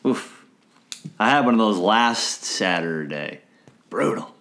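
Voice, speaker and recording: A man's voice: fairly low pitch, expressive, slow pace, gravelly, a bit bright. A man hosting a casual talk show, rambling and joking, often trailing off mid-sentence. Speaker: radio show host. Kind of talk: casual chat.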